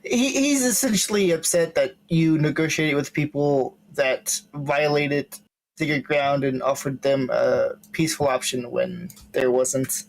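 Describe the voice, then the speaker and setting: A player in a tabletop role-playing game, speaking slowly and deliberately about a goblin character's feelings. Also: mid-range voice, steady tone, vocal fry, poor audio. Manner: slow and deliberate.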